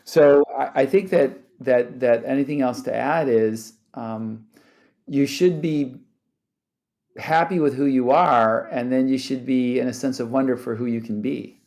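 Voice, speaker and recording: A man's voice: medium pitch, unhurried, darkish tone. A man speaking as a podcast guest, talking animatedly, often restarting sentences and laughing. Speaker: guest, startup founder. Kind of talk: conversational interview.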